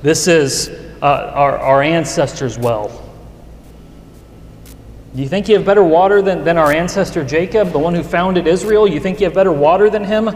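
A man's voice: on the high side, normal speed, darkish tone, a little hiss or hum, natural voice. A man voicing a skeptical Samaritan woman at a well, with a raised, questioning delivery, in an echoey hall. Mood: incredulous. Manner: questioning, incredulous. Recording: echoey hall with long reverb.

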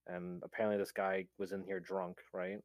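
A man's voice: deep voice, level tone, normal speed, no echo. Laughing, foul-mouthed young man telling stories. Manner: swears a lot, laughs often, acts out quotes. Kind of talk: casual storytelling chat.

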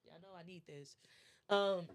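A crowd can be heard behind this woman as she speaks a little slowly in a lowish voice. Hosting a podcast with a casual motivational talk, she is stuffy with allergies, her voice congested and nasal, and her chattiness grows into impassioned preaching.

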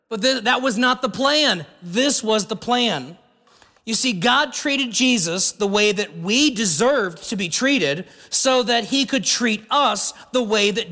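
High-voiced, bright preacher in a hall. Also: male voice. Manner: conversational, earnest preaching with rhetorical questions. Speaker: pastor. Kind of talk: sermon.

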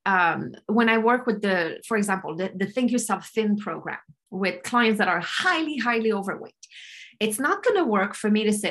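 A woman coach explaining a self-help technique on a podcast in an energetic, teaching manner over a video call. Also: medium pitch, normal speed. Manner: energetic, explanatory, acts out inner voices.

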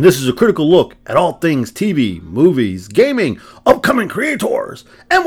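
A man co-hosting a podcast, ranting in casual chat with plenty of swearing. His voice sits a little higher than most men's. He talks in an animated, profane way. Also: normal speed, few pauses, husky. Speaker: podcast co-host.

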